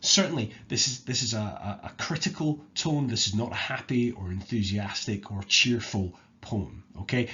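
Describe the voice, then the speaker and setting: A male teacher from Scotland explaining an exam skill in a measured, patient way, with some restarts and fillers. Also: fairly low pitch, fairly bright tone, lo-fi sound. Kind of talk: recorded exam lesson.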